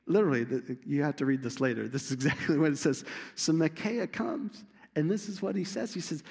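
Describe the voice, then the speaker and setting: Male pastor, higher-pitched, animated storyteller; sermon caught in a reverberant hall. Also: a little fast, vocal fry. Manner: animated storytelling, acting out biblical characters with laughs. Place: church sanctuary.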